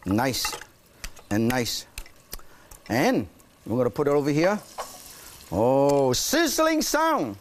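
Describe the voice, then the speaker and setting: A man's voice: fairly high pitch, a little hiss or hum. A man hosting a cooking show, demonstrating a dish in a studio kitchen with playful energy, coaxing his audience along.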